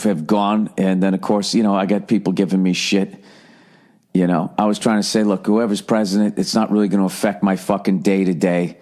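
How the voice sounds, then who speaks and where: A man in his forties with a Boston accent, hosting a solo comedy podcast and ranting in a profane, sardonic, animated way. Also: lowish voice. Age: 40s. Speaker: podcast host.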